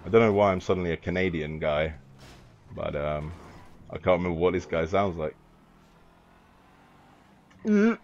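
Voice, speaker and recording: Low-voiced man joking through a game. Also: fairly even intonation, brisk, darkish tone. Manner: rambling, joking, swears freely. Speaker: gaming YouTuber. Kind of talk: casual let's-play commentary. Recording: dull lo-fi with faint hiss.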